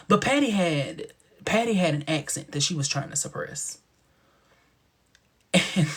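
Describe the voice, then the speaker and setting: A man's voice: on the high side, slightly rough. A man hosting a casual live stream, chatting to viewers in a playful, sassy way with lots of laughter and dramatic asides. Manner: animated and playful, with frequent laughter.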